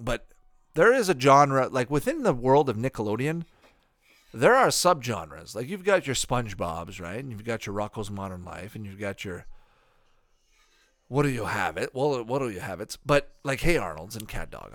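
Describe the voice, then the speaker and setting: A man rambles through a cartoon review with a lively, swinging delivery, dropping swear words and mocking asides as he goes. His voice sounds close and dry, with no room around it. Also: medium pitch, dry recording. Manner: profane and offhand, mocking asides. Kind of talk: casual rambling watch-along commentary.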